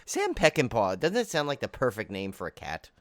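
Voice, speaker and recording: A man co-hosting a horror movie podcast, chatting casually and jokingly with lively energy. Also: mid-range voice. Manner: animated, quick to joke. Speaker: podcast co-host. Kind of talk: casual chat.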